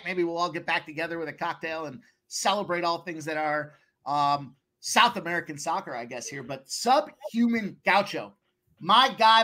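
A man hosting a sports betting live stream, hyping up his guests with slangy shout-outs in casual chat. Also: high voice. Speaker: host of a sports betting show.

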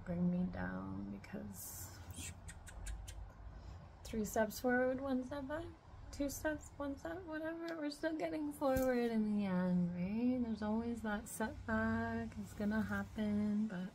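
A young woman talking to camera in a casual, reflective spiritual vlog, rambling with lots of "like" and sometimes dropping to a soft whisper. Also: on the high side, takes it slowly, a little hiss or hum. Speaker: spiritual vlogger.

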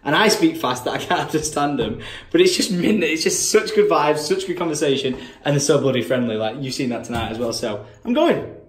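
A man's voice: a little high, animated, fairly quick, reverberant. A young man from England, chatting casually in a vlog from a hotel room, swearing and laughing easily. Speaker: vlogger.

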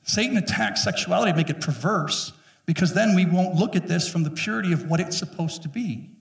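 A man in his fifties preaching with force from the pulpit, his voice pitched a little high. He jokes and acts out quick voices between blunt points. He is heard from some distance in an echoey church room. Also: expressive, vocal fry. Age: 50s. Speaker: pastor. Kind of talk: sermon. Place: church sanctuary.

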